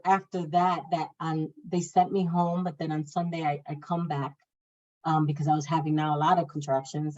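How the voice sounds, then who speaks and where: A woman with a somewhat low voice shares a personal testimony of faith. She tells it with feeling and brings the people in her story to life as she quotes them. The sound is muffled and lo-fi. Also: a little mellow. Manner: emotional storytelling, acts out quoted speech; faith-filled, speaks of God. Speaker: guest sharing a personal testimony. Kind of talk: casual spoken testimony. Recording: dull lo-fi audio.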